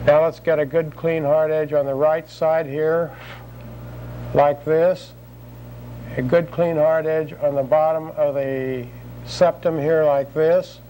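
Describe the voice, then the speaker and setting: Calm man demonstrating drawing technique. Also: a little high, slow pace, a little hiss or hum, rough recording. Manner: calm, repetitive narration of each stroke. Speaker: drawing instructor. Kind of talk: step-by-step art demonstration.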